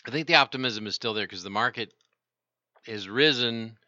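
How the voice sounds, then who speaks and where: A man's voice: medium pitch, moderate pace, sharp tone, no echo, highs cut off. A man hosting a call-in radio talk show, explaining markets in a rambling way with many restarts.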